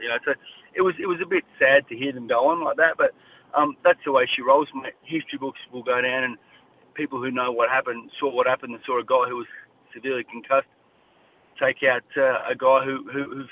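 Fired-up australian boxer on a phone line. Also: male voice, mid-range voice. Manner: blunt, repetitive, fired-up. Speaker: boxer guest. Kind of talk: radio phone interview. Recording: tinny phone line with faint noise.

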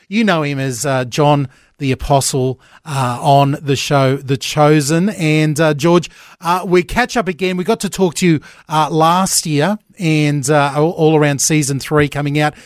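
A man's voice: on the high side, dry recording, studio quality. A man co-hosting a morning radio show, talking in a loose, rambling way with lots of fillers and laughs. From Australia. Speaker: radio co-host. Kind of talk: casual radio banter.

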